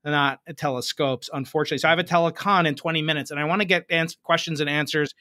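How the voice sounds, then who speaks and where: A man hosting a podcast interview, talking in an animated, jokey way and laughing often. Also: a little high, quick pace, dry recording, studio quality. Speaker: podcast host. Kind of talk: interview conversation.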